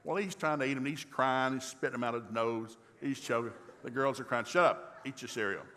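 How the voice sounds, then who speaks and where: An older man preaches with the folksy, animated delivery of a storyteller. His voice sits at an ordinary middle pitch. A long reverb from the church hall trails behind his words. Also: a little fast. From rural American South. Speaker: pastor. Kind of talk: humorous sermon storytelling.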